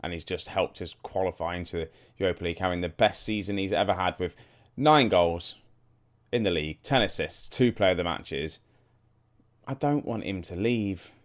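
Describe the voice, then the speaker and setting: Speaking a little fast in a low voice, a young man gives casual let's-play commentary on his football management game. He thinks out loud and addresses his viewers directly.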